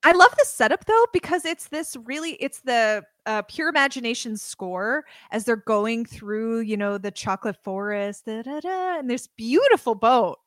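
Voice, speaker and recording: Brief: young woman podcast co-host, playful and jokey, higher voice with a dry, close sound. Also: animated, normal speed, few pauses, no room sound. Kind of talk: casual chat.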